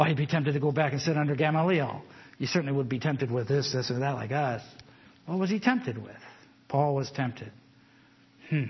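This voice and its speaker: A man preaching an informal Bible-study sermon in a conversational, digressive way, slowing down to read scripture aloud. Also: a little high, slightly rough. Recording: dull lo-fi recording.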